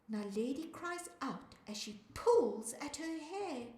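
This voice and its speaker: A woman's voice: high-pitched, sing-song, slow pace, hardly any pauses, darkish tone, reverberant. A woman from South Africa, a children's music teacher, reading a rhyming story aloud in a sing-song way and calling out to young listeners.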